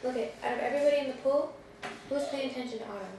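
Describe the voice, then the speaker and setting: Woman teacher, high voice, patient and coaxing; echoey room, far mic. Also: very fast, background noise. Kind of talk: reading a picture book with a child.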